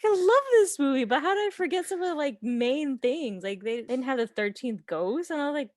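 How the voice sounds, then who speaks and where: A woman co-hosting a podcast, gushing about a film in quick, casual chat. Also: high voice, expressive, darkish tone, dry recording, studio quality. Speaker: podcast co-host.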